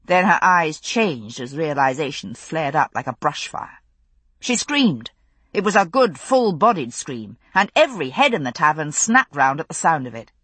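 Woman narrator for a novel: expressive storytelling, husky tone, dry studio sound. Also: low voice, normal speed, no room sound. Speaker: audiobook narrator.

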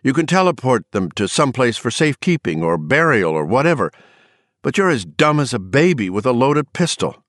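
Brief: narrator doing an angry drunk middle-aged man, sarcastic rant, lively swings in pitch, dry close read. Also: normal speed, dry recording. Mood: bitter ranting. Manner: ranting, sarcastic. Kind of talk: audiobook character voice.

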